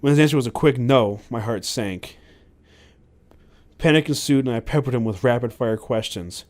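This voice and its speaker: A man's voice: medium pitch, moderate pace, darkish tone. A man hosting a podcast, reading a memoir aloud with frequent stumbles and self-corrections. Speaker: podcast host.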